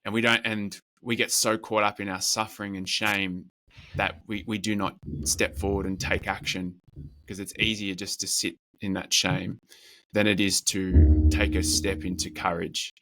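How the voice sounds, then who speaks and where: A man who works as a men's coach, talking earnestly and in measured lists as a podcast guest. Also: deep voice, flat delivery, fairly bright tone, a little hiss or hum. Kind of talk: reflective interview talk.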